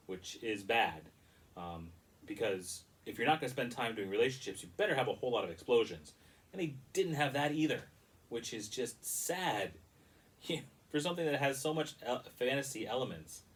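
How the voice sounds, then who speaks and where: A man's voice: mid-range voice, expressive, a little fast, recorded from a distance, poor audio. A man giving a casual, rambling and critical movie review with frequent restarts.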